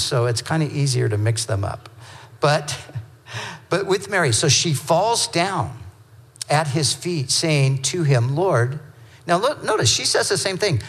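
A man preaching a sermon, teaching through scripture verse by verse in a conversational way, with quick asides and self-corrections. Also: on the high side, a bit bright, big-room sound. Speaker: pastor.

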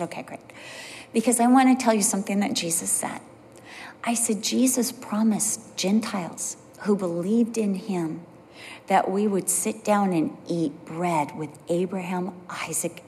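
A woman preaching a sermon, telling personal stories in an animated way and dropping to a low, soft voice for emphasis. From California. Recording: long hall reverb.

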